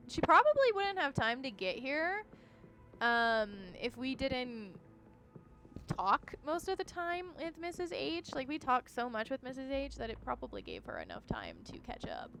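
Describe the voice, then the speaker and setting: A woman's voice: high-pitched, sing-song, moderate pace, vocal fry, sharp tone, soft background music. A woman game streamer chatting casually with viewers, in a yawny way with giggly asides. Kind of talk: casual live-stream chat while reading game dialogue.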